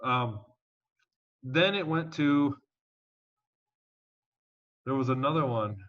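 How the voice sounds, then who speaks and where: A man being interviewed as a guest, telling his story in a casual, animated and emphatic way and swearing now and then. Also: medium pitch, takes it slowly. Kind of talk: conversational storytelling. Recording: dull lo-fi audio.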